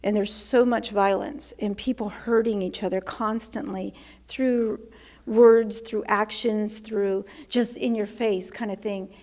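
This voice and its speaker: A woman's voice: mid-range voice, fairly even intonation, a little slow, dark tone. A woman interviewing in casual conversation, asking earnest and openly emotional questions.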